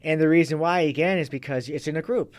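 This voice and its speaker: This man, a fitness and kettlebell coach, has a slightly high voice and a quick pace. As a guest in a casual interview, he talks loosely and keeps restarting his sentences.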